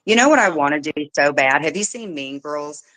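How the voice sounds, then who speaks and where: A woman hosting a casual livestream chat, telling animated stories, swearing freely and mimicking the people she talks about. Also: low-pitched, brisk, crowd noise, rough recording. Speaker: livestream host.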